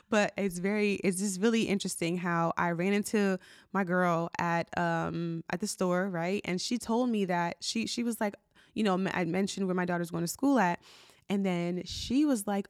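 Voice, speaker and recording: A woman's voice: fairly low pitch, normal speed, no echo, clean studio sound. A woman hosting her own podcast in a casual, heartfelt solo talk, full of "like" and "you know". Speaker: podcast host.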